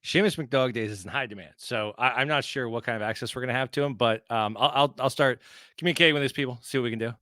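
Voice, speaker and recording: A man's voice: medium pitch, fast talker, pushed and bright, no room sound, studio quality. A man co-hosting a sports podcast in a casual chat, with a wry, sarcastic, cheeky manner. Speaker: podcast co-host.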